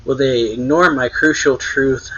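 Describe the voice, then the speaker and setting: A man reading out the lines of a scheming young girl in his own voice, a bit higher. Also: fairly even intonation, a little slow, pushed and bright, highs cut off.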